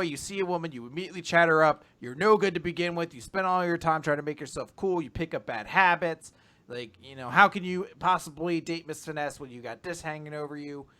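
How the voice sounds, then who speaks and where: Young guy rambling through a recap, bright slightly high voice, does quick silly voices. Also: clear, resonant tone. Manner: rambling summaries with animated quoted voices. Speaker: podcast co-host recapping manga. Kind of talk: casual chat.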